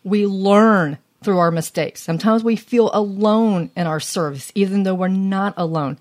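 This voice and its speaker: An earnest woman chats casually about faith with other women. Her voice is lively and she laughs easily, with a middle-pitched tone. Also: moderate pace. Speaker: co-host of a women's faith talk.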